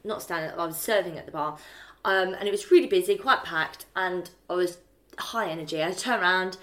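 A woman's voice: on the low side, fairly quick, fairly bright tone. A woman, co-hosting a podcast and rambling through self-mocking stories in casual chat, swearing freely. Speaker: podcast co-host.

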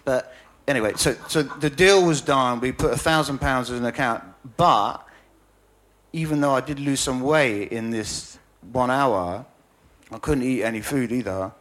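Speaking at a measured pace in a mid-range, slightly bright voice, a man who is a journalist and author guest rambles through a self-deprecating story in casual conversation. He often laughs and stammers, restarting again and again.

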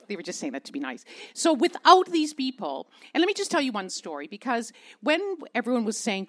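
Animated Canadian woman journalist. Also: on the high side, a little fast. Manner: expressive, repeats words, acts out quoted voices. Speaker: journalist, panel guest. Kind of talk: animated storytelling on a panel.

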